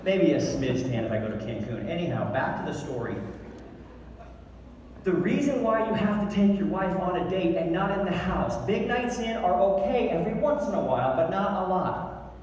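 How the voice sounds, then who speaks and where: A middle-aged man giving a loud, brash motivational talk to a crowd, swearing and joking. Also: high-pitched, very animated, normal speed, distant mic, slight background noise. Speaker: motivational speaker. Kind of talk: energetic stage talk. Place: large event hall. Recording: echoey hall, mic heard from afar.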